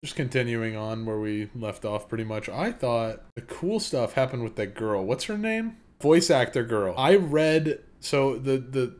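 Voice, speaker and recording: A man co-hosting a podcast, chatting about comic chapters in a relaxed, easygoing way. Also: medium pitch, a little slow, few pauses. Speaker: podcast co-host. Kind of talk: casual manga review chat.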